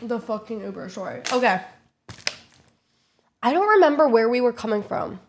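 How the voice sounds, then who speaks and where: Chatty young woman with a bright high voice. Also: sing-song, moderate pace, slight background noise. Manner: chatty, swears freely, acts out quotes in high squeaky voices. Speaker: streamer vlogging a trip. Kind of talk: casual storytelling to camera.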